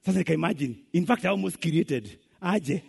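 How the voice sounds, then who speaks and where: Raspy Kenyan preacher man. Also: a little high, lively intonation, fairly quick, a little mellow. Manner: switches between English and Swahili, emphatic. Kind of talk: sermon.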